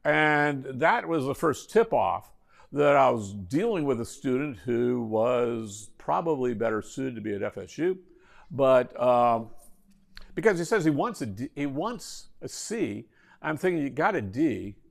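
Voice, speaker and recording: A man's voice: mid-range voice, animated, measured pace, gravelly. A middle-aged man, a university professor, giving a classroom lecture with anecdotes and wry joking asides.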